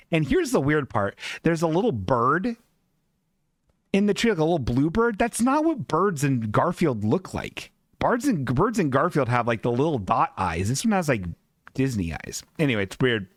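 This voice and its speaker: A man's voice: medium pitch, dry recording, studio quality. A man hosting a comedy podcast, rambling, profane and laughing often as he describes comic strips. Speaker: podcast host.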